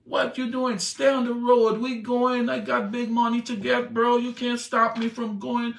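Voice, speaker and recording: A man's voice: very high-pitched, level tone, unhurried, creaky, fairly bright tone, roomy sound, recorded from a distance, voice pushed up, exaggerated voice. A man voicing a stubborn, greedy man who scolds his donkey, in impatient, slangy speech.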